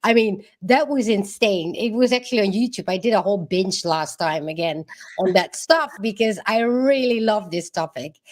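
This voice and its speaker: Woman co-host, mid-pitched, easy chatty delivery with short agreeing replies. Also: moderate pace. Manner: chatty, with brief agreeing replies and some fillers. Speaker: podcast co-host. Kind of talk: casual conversation.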